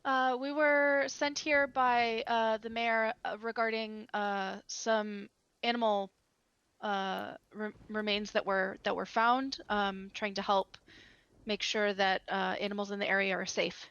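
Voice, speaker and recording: Woman player, slow and hesitant, kinda muffled lo-fi mic. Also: mid-range voice, flat delivery, fairly bright tone, smooth, dry recording. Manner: unhurried, hesitant. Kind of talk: casual tabletop role-play. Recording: dull lo-fi mic.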